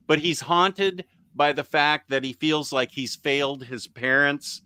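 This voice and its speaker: A man hosting a casual podcast chat, talking haltingly with many ums and restarts. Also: a little high, bright, forceful tone, clean tone, dry recording. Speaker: podcast host. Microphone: USB microphone on computer.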